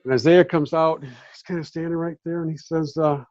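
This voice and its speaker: Fifties ex-reporter guest, warm voice on dull, dry lo-fi audio, tells stories and acts out quotes. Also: male voice, fairly high pitch, steady tone, a little fast, no room sound. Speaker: podcast guest, former sports beat reporter. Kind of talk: casual storytelling chat.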